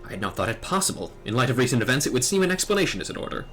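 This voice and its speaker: A man's voice: medium pitch, big pitch swings, very fast, a bit bright, faint music behind. A man voicing a grave, formal older knight who once taught dragoons, read out from a game. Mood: solemn. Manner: formal, grave storytelling delivery.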